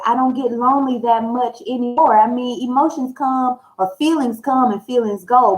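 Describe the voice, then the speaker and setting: A woman tarot reader speaking in a frank, animated, colloquial way, confiding in her viewers directly. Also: fairly high pitch, low-quality recording. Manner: confiding, addresses listeners directly. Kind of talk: casual personal talk to viewers.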